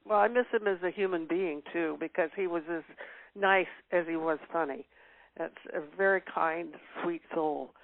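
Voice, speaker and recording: A woman's voice: lowish voice, moderate pace. An older woman as an interview guest, reminiscing in casual chat with frequent fillers and laughs. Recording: tinny phone-line sound.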